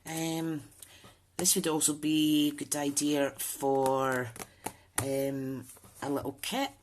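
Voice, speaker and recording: A woman's voice: low-pitched, flat delivery, slow, a little hiss or hum. A woman hosting a casual crafting tutorial, chatting and thinking aloud with frequent ums. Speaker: papercraft channel host.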